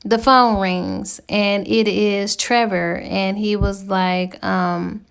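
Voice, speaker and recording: A woman's voice: mid-range voice, steady tone, takes it slowly, creaky, hardly any pauses, smooth. A woman giving a chatty, slangy spoken recap of a novel's plot as a book reviewer.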